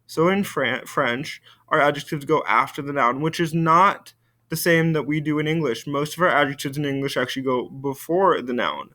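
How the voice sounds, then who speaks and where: A man, a French teacher giving a recorded video lesson, slowly modeling words for students to repeat. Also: on the high side, bright, forceful tone. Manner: slow, careful model pronunciation for students to repeat.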